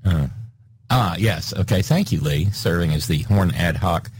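A man's voice: deep voice, measured pace, darkish tone, husky, dry recording. A man hosting a talk show, giving casual, sardonic political commentary and reading listener messages in a rambling way. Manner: sardonic, rambling, with frequent filler restarts.

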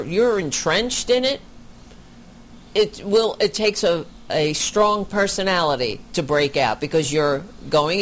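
A commentator reacting to a video in a slow, deliberate delivery, the pitch swinging widely as indignation builds. Sarcastic asides cut through the commentary. A faint hiss sits under the voice.

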